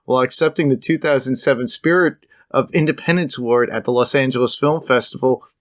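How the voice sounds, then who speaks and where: A man's voice: mid-range voice, brisk. A man co-hosting a film podcast, reading trivia items aloud and adding his own asides. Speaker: podcast co-host. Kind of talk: casual film review chat.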